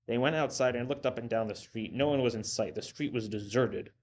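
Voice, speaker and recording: A man reading a story aloud in a steady, measured narration. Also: medium pitch. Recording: dull lo-fi with faint hiss.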